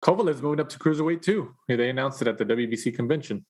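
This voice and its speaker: A man's voice: mid-range voice, lively intonation, racing, darkish tone. Chatty man talking boxing. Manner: chatty storyteller, acts out quotes, laughs often. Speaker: podcast co-host. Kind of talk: casual boxing podcast chat.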